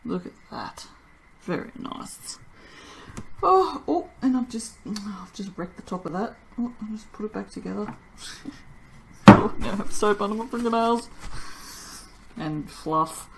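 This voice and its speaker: A tired woman chats through a soap-making vlog, joking at her own expense and laughing often. Her voice sits at an ordinary middle pitch, with a faint hum of room noise behind her. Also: animated, moderate pace, gravelly. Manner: chatty, self-mocking, laughs often. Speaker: soap maker. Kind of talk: casual vlog chat while working.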